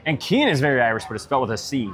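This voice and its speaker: A man's voice: mid-range voice, big pitch swings, very fast, fairly bright tone. A young man chatting casually in a pub on a live stream, joking and swearing a lot. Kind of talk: casual chat. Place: Irish pub.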